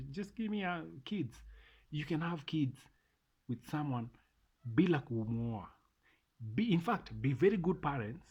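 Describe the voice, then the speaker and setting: A middle-aged Kenyan-accented man rants to camera as a vlogger, giving an emphatic opinion monologue and repeating phrases. His voice is a little high with a darkish tone and a breathy edge.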